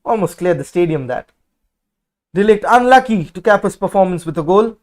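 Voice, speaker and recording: A man hosting a football watch-along, giving live match commentary in an excitable, blunt and outspoken way. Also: high-pitched, moderate pace.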